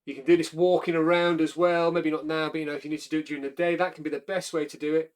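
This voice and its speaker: A man leading a breathwork class, calmly talking listeners through each step with frequent fillers and self-corrections. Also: fairly high pitch, fast. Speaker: breathwork instructor.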